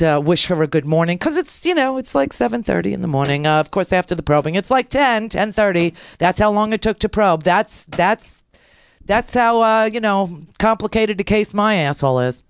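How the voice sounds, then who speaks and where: A woman's voice: mid-range voice, no echo, clean studio sound. Brash wisecracking woman radio host. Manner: brash, wisecracking, acts out others' lines. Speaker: radio talk show host. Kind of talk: casual storytelling monologue.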